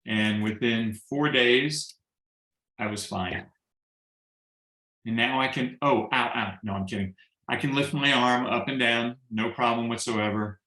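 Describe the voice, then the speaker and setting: A man's voice: medium pitch, a little slow, long pauses. Storytelling man in a roomy echo. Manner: animated storyteller who acts out quoted dialogue and jokes. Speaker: guest sharing a testimonial. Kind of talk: casual storytelling on a video call.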